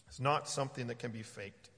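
A man giving a conversational sermon as a pastor, halting often with fillers and restarts. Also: medium pitch, creaky, sharp tone, long reverb tail.

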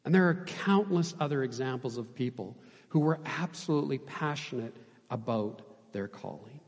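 A man preaching a sermon as pastor, impassioned, swinging between loud emphasis and hushed, quiet passages. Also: mid-range voice, expressive, normal speed, long reverb tail.

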